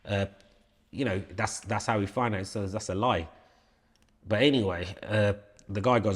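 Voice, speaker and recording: A low-voiced man tells a story on a podcast in a loose, conversational way. He speaks bluntly and swears freely, pressing each point home by repeating it. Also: moderate pace, long pauses. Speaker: podcast co-host. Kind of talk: casual storytelling chat.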